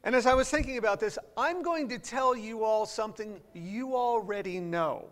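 A man's voice: high voice, normal speed, a bit bright. A man preaching an expository sermon to a seated congregation, explaining scripture step by step and posing rhetorical questions. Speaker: pastor. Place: church before a seated congregation.

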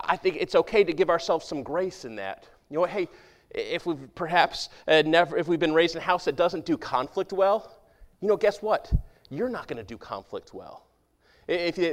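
A man preaching to his congregation, with a voice pitched a little above most men's. He keeps a casual, conversational tone and tosses questions out to the listeners. When he quotes prayers or scripture, he sinks into a quiet, hushed voice. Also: animated, moderate pace. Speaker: pastor. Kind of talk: sermon.

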